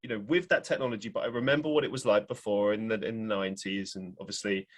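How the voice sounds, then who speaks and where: A man's voice: on the low side, fairly even intonation, fast. A young man hosting a podcast, rambling and correcting himself often in casual talk. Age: young adult. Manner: rambling, frequent self-corrections and hedges. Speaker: podcast host. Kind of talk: casual chat.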